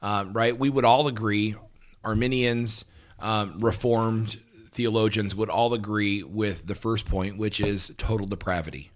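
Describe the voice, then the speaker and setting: Low-voiced man explaining in casual talk. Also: a little slow. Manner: explains patiently, ending points with "right?"; relaxed, with frequent "um" and restarts, laughs easily. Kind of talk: casual teaching conversation.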